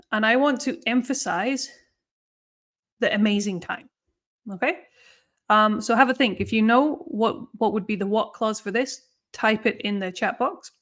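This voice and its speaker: A woman's voice: fairly high pitch, normal speed, a bit bright. A woman teaching English grammar in a live online lesson, explaining patiently and often checking in with "okay?" and "no?".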